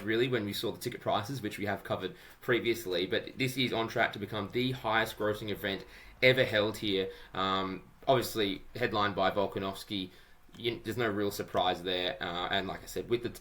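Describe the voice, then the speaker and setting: An Australian man hosts a podcast in relaxed, chatty talk, tossing in "mate" as he goes. His voice sits low but sounds bright and forceful. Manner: upbeat, chatty, says "mate" often. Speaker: podcast host. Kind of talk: casual chat.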